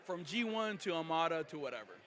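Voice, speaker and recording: A man's voice: a little high, big pitch swings, fast, crowd noise. A man interviewing guests at a convention, rambling loosely and laughing often. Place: convention lounge.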